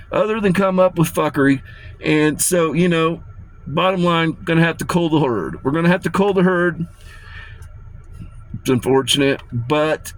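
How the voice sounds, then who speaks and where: A man delivering a rambling, profane and menacing rant to his viewers, often repeating himself. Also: a little high. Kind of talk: ranting monologue to camera.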